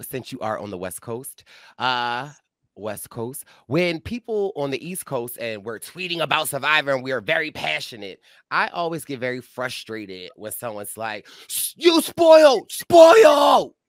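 A man's voice: mid-range voice, animated, normal speed, bright, forceful tone, dry recording, studio quality. Hyped, slangy man hosting a podcast. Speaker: podcast host. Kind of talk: casual podcast chat.

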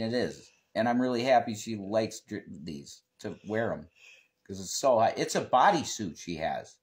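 A man from northeastern Pennsylvania with a local accent, chatting loosely and animatedly while reading viewer comments. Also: lowish voice. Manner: animated, rambling, quick to laugh. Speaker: livestream host. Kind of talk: casual chat reading comments.

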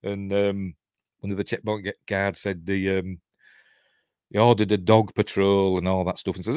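A man's voice: low-pitched, level tone, normal speed, darkish tone, clean tone, no echo, studio quality. A middle-aged man with a Yorkshire accent, chatting casually through a film commentary, rambling and breaking off with chuckles. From Yorkshire, England. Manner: rambling, chuckling, self-interrupting. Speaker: host.

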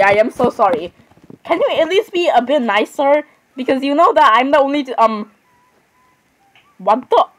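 A high-voiced woman, captured on a rough recording, gives casual let's-play commentary on a horror game. She's chatty, giggles often, apologizes a lot, and talks to the characters.

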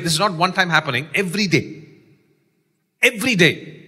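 A man preaches an exuberant sermon in a church sanctuary, his Malaysian English accent carrying over a long church reverb. As pastor, he calls for audience responses and shouts key lines. His voice is a little high and slightly rough, with lively intonation, a fairly quick pace and long pauses.

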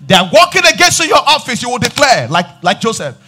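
Nigerian pastor, male, high and bright, shouting sing-song preaching with call-and-response. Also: big pitch swings, fast talker, soft background music. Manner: repeats refrains and calls on the congregation. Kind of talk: sermon. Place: church service.

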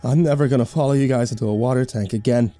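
A man's voice: medium pitch, quick pace, warm tone, no room sound, soft background music, lightly acted. A man voicing a scared young man in a horror story, talking in a panicky way. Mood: sullen.

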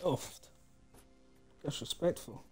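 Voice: takes it slowly, faint music behind. A streamer giving casual commentary while browsing a game's moves, laughing often and swearing freely.

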